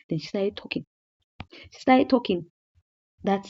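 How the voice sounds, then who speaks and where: A woman's voice: medium pitch, a little slow, creaky, pauses often, breathy edge, highs cut off. A woman, casually recapping a movie episode in a chatty way, repeating points and asking rhetorical questions.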